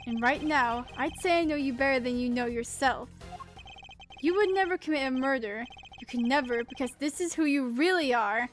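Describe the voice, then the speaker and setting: A woman voicing a composed, determined male prosecutor, measured and earnest. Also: high-pitched, faint music behind, natural voice. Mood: reassuring. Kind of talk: reading game dialogue aloud.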